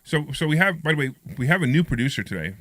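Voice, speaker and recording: A man's voice: on the high side, very animated, quick pace, fairly bright tone, no room sound. A man hosting a casual radio talk show from a studio, chatty and promotional.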